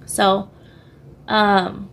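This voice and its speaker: A young woman with a hoarse voice, a podcast guest speaking candidly and haltingly, switching languages mid-sentence. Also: medium pitch, monotone, a bit bright, slight background noise. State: losing her voice, hoarse. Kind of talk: candid personal interview.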